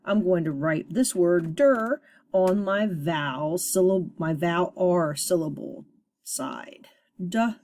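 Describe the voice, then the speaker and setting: A woman teacher giving a recorded phonics lesson to young students, upbeat and sounding out each sound deliberately. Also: fairly low pitch, darkish tone.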